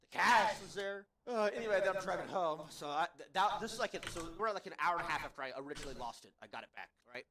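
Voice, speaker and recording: A man's voice: high-pitched, fast talker, few pauses, reverberant. A young man telling a story as a podcast host, casual and profane, exasperated, calling listeners "bro.". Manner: profane, animated, exasperated, says "bro" often.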